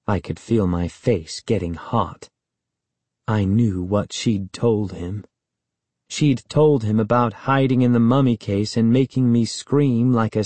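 A man's voice: on the low side, dark tone, no room sound. A man narrating a children's story in first person, as a sulky, bitter boy. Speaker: audiobook narrator.

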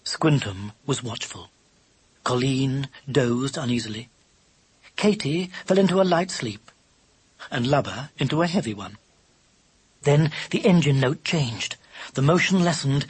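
A narrator reading a children's novel aloud in an expressive, animated storytelling manner. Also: mid-range voice, measured pace, breathy edge. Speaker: audiobook narrator.

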